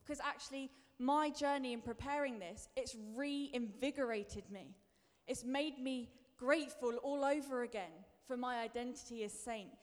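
A woman's voice: high-pitched, moderate pace, hardly any pauses. A woman preacher giving a sermon in a chatty, self-deprecating way, building to emphatic bursts. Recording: long reverb of a large hall.

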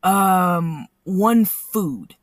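A woman hosting a podcast interview, laughing along with her guest and reacting warmly. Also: lowish voice, animated, extremely slow, no echo. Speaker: podcast host. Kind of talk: casual interview.

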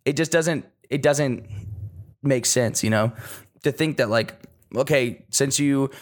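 A man's voice: mid-range voice, unhurried. A young man on a podcast, rambling through stories in casual chat, swearing a lot and leaning on fillers. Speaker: podcast co-host.

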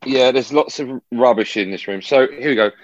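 A man's voice: medium pitch, brisk, no echo, highs cut off. A man, a football broadcaster, chatting as a guest on a remote call from a room at home and telling stories with lots of restarts. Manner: animated storyteller, frequent restarts. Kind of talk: casual chat.

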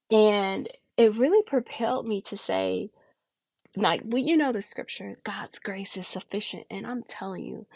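A woman's voice: on the low side, creaky, dry recording. A woman in her thirties hosting a faith podcast, speaking earnestly and preachily, with many rhetorical questions. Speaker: podcast host.

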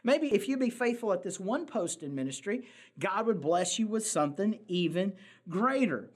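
A man delivers a sermon as pastor. He is earnest and emphatic, repeating key phrases for weight and pausing on rhetorical questions to the congregation. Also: high-pitched, lively intonation, slightly rough.

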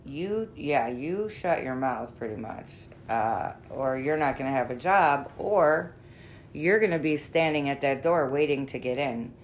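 A woman's voice: extremely low pitch, unhurried, slight background noise. A middle-aged woman therapist speaking frankly and bluntly in a conversational interview, laughing easily and swearing now and then. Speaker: therapist working with sex offenders.

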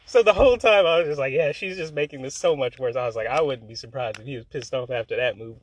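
A man telling a story in casual chat, swearing freely and laughing, his voice jumping high when he gets worked up. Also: fast, few pauses, no echo.

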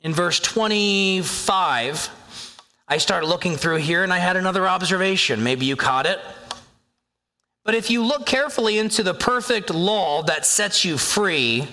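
A man preaching a sermon as a pastor, talking in a conversational, animated way and acting out inner voices. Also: sits high. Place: church sanctuary. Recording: long hall reverb.

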